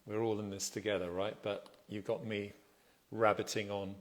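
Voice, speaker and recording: A man hosting a casual phone livestream from home. He chats in a relaxed, soft-spoken, self-deprecating way, greeting viewers and reading out their comments. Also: fairly low pitch, moderate pace. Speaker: livestream host.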